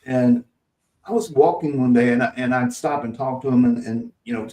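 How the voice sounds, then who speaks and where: This Mississippi man hosts a podcast and drifts through a long story about work, chuckling and starting over frequently. His mid-range voice has a dark tone and normal speed, captured from a distance in a roomy room.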